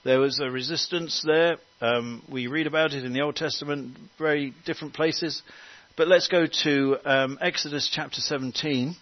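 Earnest male preacher, slightly high voice, close and dry, a bit dull in sound. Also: fairly even intonation, moderate pace, no room sound. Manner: earnest preaching with fillers and restarts. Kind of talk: sermon.

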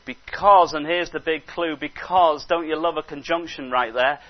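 Preaching at a normal speed with hardly any pauses, a high-voiced man moves from quiet asides up to forceful exhortation, animated the whole way. The sermon was recorded dull and lo-fi.

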